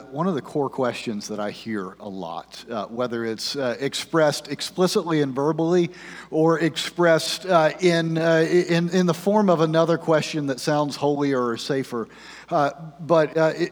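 A male pastor preaching a sermon in church into a microphone, filling his talk with "uh" and moving between loud rallying and hushed prayer. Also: a little high. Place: church sanctuary. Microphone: handheld microphone. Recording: long hall reverb.

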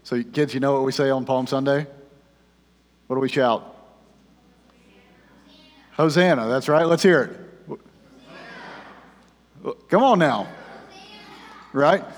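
A male pastor preaching a sermon in church into a microphone, filling his talk with "uh" and moving between loud rallying and hushed prayer. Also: medium pitch, slow, pauses often. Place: church sanctuary. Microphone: handheld microphone. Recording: long hall reverb.

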